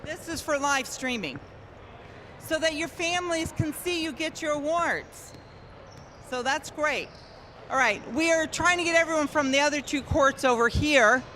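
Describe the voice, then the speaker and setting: A woman in her sixties hosting an awards ceremony in an indoor gym, projecting her voice loudly to the crowd. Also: high-pitched, moderate pace, slight background noise. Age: 60s. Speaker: event host and organization founder. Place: indoor gymnasium.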